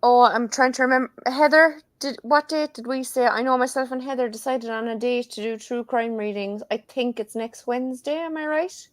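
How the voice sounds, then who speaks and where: Woman, live-stream guest, lively, laughing, slightly high pitch. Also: moderate pace, hardly any pauses. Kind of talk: casual live-stream chat.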